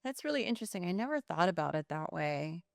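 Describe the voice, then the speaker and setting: A middle-aged woman with a notably low voice tells a personal story in conversation. She animates it by quoting what people said to her. The sound is close and dry. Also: fast talker, creaky, no room sound. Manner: animated storyteller, quotes others in dialogue. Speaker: podcast guest, psychic and entrepreneur.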